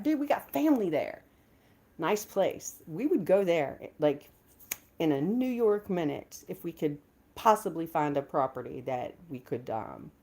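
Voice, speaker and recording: Woman, 50s, livestream host. Low-pitched, very animated delivery, chatty and effusive with viewers. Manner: chatty, greets viewers with bursts of excitement. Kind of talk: casual livestream chat.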